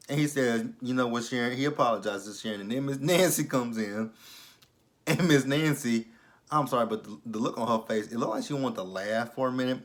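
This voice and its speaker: A young man recapping a TV drama episode in a casual, profane, animated way, acting out the characters' lines and laughing often. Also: lowish voice. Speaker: TV episode reviewer.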